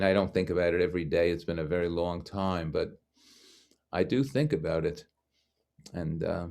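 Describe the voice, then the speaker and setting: An older man from Brooklyn, a guest speaker, tells a personal story over a video call in a low, slightly mellow voice. He's reflective and acts out the voices of the people he quotes.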